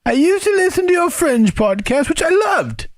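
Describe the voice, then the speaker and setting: Man putting on a shrill falsetto British lady. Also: sing-song, normal speed, dry recording. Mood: hammy. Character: mock British woman reading a letter.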